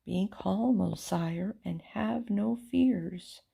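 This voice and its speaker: A woman reading a storybook aloud, voicing a group of mysterious magicians who chant a spell in a slow, sing-song rhythm. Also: high-pitched, gravelly, mellow, husky, heavily acted.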